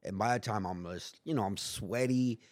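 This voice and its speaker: A man's voice: on the low side, moderate pace, a little mellow. A man telling a story in casual chat, rambling and profane, acting out quotes in put-on voices. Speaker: guest.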